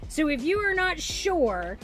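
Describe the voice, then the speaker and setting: A woman streamer with a high, bright voice talks casually to her chat. She is bubbly and excitable. Faint game music plays behind her. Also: measured pace. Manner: bubbly, excitable, cheering and laughing.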